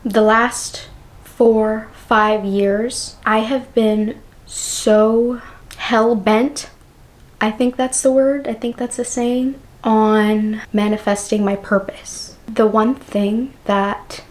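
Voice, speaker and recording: A woman vlogging to camera, speaking earnestly and emotionally in unscripted personal reflection with searching pauses. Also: a little high, flat delivery. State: emotional, close to tears. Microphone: on-camera mic of a compact vlogging camera.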